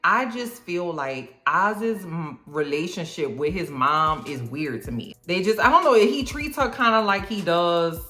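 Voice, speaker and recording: Sassy woman recapping a show, lively sing-song delivery, lower-pitched, echoey room, faint music. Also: measured pace, hardly any pauses. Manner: slangy, sassy, peppered with "okay?". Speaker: TV recap vlogger. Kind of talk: casual episode recap.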